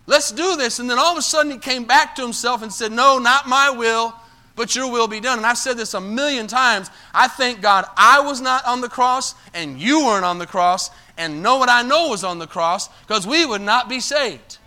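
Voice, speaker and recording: A male pastor preaching a sermon, calling out asides to the congregation and swinging between loud emphatic bursts and low quiet lines. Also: lively intonation, normal speed, hardly any pauses.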